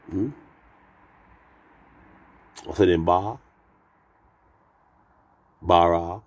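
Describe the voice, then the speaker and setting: A man's voice: deep voice, moderate pace, gravelly, pauses often, warm tone, slightly rough. A man rambling in a profane monologue that drifts into half-sung rhymes.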